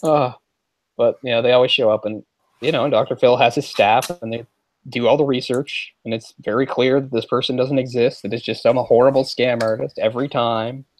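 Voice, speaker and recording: A man chats on a podcast, piling up fillers as he vents in exasperation. His voice sits in an ordinary middle pitch. The sound is close and dry, with no room around it. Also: fairly even intonation, brisk, a little mellow, dry recording, poor audio. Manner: rambling, many "like" fillers, exasperated. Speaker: podcast co-host. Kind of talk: casual chat.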